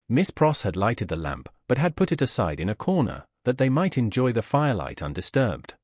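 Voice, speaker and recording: A man narrating a classic novel as an audiobook, in a measured, expressive reading. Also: mid-range voice, slightly rough, no echo, studio quality.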